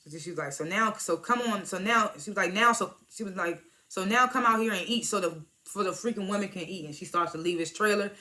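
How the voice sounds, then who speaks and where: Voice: mid-range voice, fast talker, few pauses, sharp tone. A speaker casually recapping a TV episode, retelling scenes as quoted dialogue, swearing freely and chuckling along. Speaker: TV episode reviewer.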